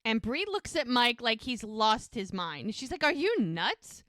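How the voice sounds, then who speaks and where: A woman hosting a podcast, retelling scenes in a casual, animated way, acting out the characters' lines and laughing often. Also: a little high, a little slow, no echo, clean studio sound. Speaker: podcast host. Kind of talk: casual episode recap.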